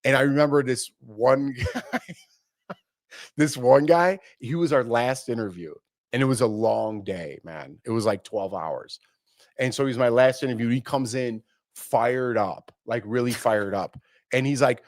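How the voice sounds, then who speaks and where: A man's voice: mid-range voice, animated, moderate pace, no echo, clean studio sound. A man in his forties co-hosting a podcast in casual chat, telling stories animatedly and acting out quoted voices. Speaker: podcast co-host.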